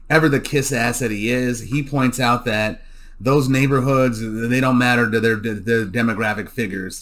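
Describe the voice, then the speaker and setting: Recapping a TV episode, a man with a somewhat bright, mid-range voice keeps it loose and foul-mouthed, laughing at jokes while frequently repeating himself and starting sentences over.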